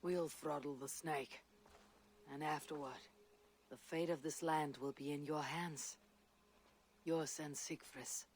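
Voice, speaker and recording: A man's voice: a little high, steady tone, takes it slowly, long pauses, a little hiss or hum. An actor playing a blunt, loyal male Viking leader who speaks firmly in a video game. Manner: firm, blunt.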